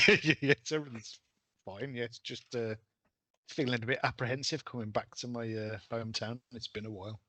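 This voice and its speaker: A man's voice: mid-range voice, steady tone, fairly quick, bright, forceful tone, no room sound. A man, a player chatting casually at a tabletop game, hesitant and thinking aloud.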